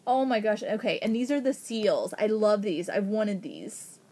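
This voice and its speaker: A woman from Ohio in a casual unboxing vlog, gushing with excitement, gasping and thanking a friend over each gift. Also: mid-range voice, a little slow, slightly rough. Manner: gushing, excited, frequent gasps. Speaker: vlogger.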